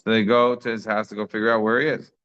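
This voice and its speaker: A man's voice: on the low side, flat delivery, fast talker, fairly bright tone, clear, resonant tone. A man giving a daily Talmud class in a conversational way, thinking aloud with frequent restarts. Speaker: Talmud teacher. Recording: slightly dull lo-fi sound.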